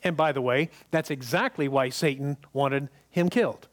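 A man with a mid-range voice preaches a sermon at a normal speed in a conversational style. He frequently checks in with the congregation and repeats words to emphasize them.

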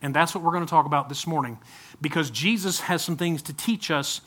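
A man's voice: fairly high pitch, fairly quick, a bit bright. A male pastor preaching a conversational sermon, often asking the congregation direct questions.

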